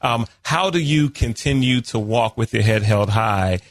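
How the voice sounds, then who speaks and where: Man, radio host, gravelly voice, dry studio sound, thoughtful questions. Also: mid-range voice, measured pace, dry recording. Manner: affirming, asks long thoughtful questions. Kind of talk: radio talk show hosting.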